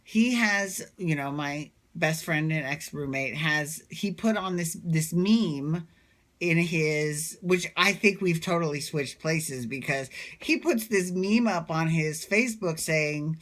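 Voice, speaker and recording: A man's voice: a little high, takes it slowly, fairly bright tone. A man recapping a reality show in a casual, rambling, gossipy vlog, full of fillers and asides. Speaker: recap vlogger. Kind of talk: casual chat.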